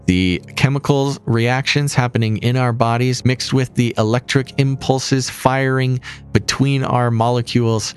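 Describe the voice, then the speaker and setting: A man's voice: mid-range voice, steady tone, unhurried, smooth, faint music behind. A man co-hosting a podcast, explaining science topics in a playful, jokey way. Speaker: podcast co-host. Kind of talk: casual podcast chat.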